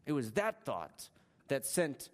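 A man's voice: mid-range voice, very animated, takes it slowly. A man preaching a sermon, retelling a story with dramatic shifts in pace and emphasis. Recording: long hall reverb.

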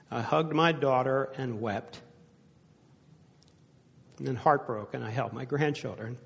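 Older male pastor, earnest sermon storyteller, mid-pitched, reverberant sanctuary sound. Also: creaky, husky. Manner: earnest storytelling, dropping to a hushed voice for sad points. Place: church sanctuary before a congregation. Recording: echoey hall reverb.

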